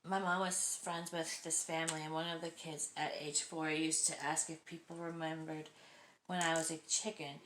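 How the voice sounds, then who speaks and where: A woman's voice: sits low, level tone, moderate pace, a bit bright. A woman hosting a channel, reading out listeners' creepy stories in a casual way and reacting with laughs and asides. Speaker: host reading submitted stories. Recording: echoey room, faint noise.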